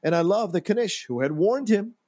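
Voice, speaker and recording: Animated man on a movie podcast. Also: sits high, a little fast, dry recording. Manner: animated, rambling retelling of anecdotes. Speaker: podcast co-host. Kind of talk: casual movie-review chat.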